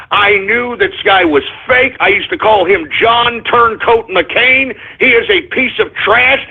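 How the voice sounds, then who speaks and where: A man hosting a political talk radio show, ranting angrily with profanity, shouting in bursts and calling his listeners folks. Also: high voice, husky. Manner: addresses listeners as folks and gives orders to the engineer. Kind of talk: angry political call-in radio rant. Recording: tinny phone-like lo-fi audio.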